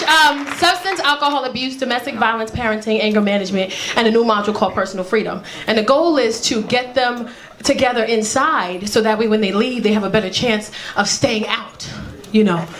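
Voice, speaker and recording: This stand-up comedian is a woman with a high voice, delivering a set of brash, bawdy stories with acted-out voices. She performs on a comedy stage for a live audience, and laughter and other noise fill the background.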